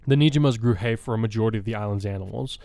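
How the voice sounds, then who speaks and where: A man narrating a fan fiction story in a steady storytelling manner. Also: fairly low pitch, very fast, creaky, no echo.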